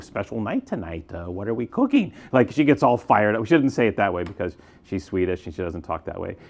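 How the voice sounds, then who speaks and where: Chatty, enthusiastic wine-shop man. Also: medium pitch. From United States. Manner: chatty, enthusiastic, with filler words and restarts. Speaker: wine retailer. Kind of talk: casual wine review to camera.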